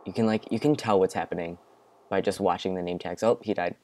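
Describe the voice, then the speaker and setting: A man's voice: low-pitched, steady tone, fast talker, warm tone, slight background noise. A man giving live gameplay commentary, jumping from muttering and near-whispers to panicky outbursts. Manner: drops to a near-whisper at times. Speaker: gaming commentator.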